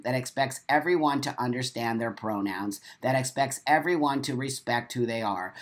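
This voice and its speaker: A man hosts a casual live stream, reading comments aloud and answering in a blunt, emphatic way. He repeats his points, swears freely and talks straight to his viewers. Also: medium pitch. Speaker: livestream host.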